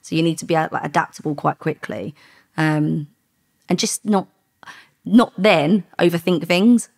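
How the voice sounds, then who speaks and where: Lady telling stories in a podcast chat, low gravelly voice, keeps correcting herself. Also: fairly even intonation, unhurried, a little mellow. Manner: chatty, frequent ums and self-corrections. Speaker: guest, former undercover police officer. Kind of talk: casual storytelling interview.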